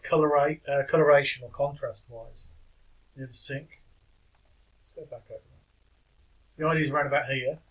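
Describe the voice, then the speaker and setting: A man talking through clips in a loose, casual commentary style, dry and wry and openly skeptical. His voice sits at an ordinary middle pitch, and he chuckles now and then as he picks things apart. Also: rough recording.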